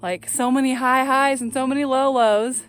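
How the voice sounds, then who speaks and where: A woman's voice: sits high, steady tone, moderate pace, low-quality recording. A young woman vlogging while hiking a snowy mountain trail, talking earnestly and chattily with many fillers, into a handheld camera outdoors. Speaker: long-distance hiker vlogging. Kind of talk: casual vlog narration.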